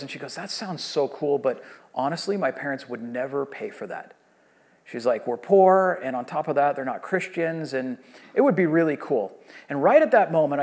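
A man's voice: fairly high pitch, a little mellow. A man in his thirties, a pastor preaching a sermon and telling a long story in a conversational way with frequent restarts.

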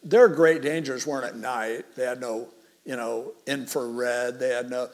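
A middle-aged man preaching a sermon in a relaxed, conversational, storytelling way. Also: mid-range voice, a little slow. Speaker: pastor.

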